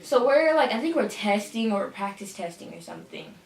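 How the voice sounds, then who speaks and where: In a storytime vlog, a teenage girl talks casually with a medium-pitched, sing-song, brisk and creaky voice. Sitting a bit back from the mic in an echoey room, she's sassy and dramatic, tossing in asides and calling people "honey."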